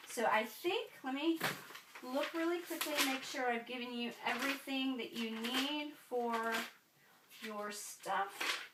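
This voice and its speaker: A woman's voice: a little high, recorded from a distance, noisy background. A woman teaching a French lesson in a chatty way, with frequent ums and check-ins of "right?". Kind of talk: classroom lesson. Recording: echoey room, voice from afar.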